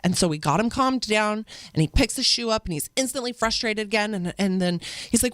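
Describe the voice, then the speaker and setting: A woman guest on an interview show, a mother telling stories in an earnest, animated way. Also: mid-range voice, a little fast, hardly any pauses, no echo. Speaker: podcast guest. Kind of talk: conversational interview storytelling.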